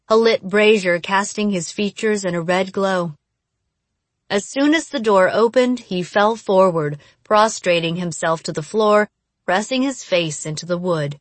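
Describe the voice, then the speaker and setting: A woman's voice: on the low side, measured pace, no echo. A woman reading a first-person story aloud as an audiobook narrator.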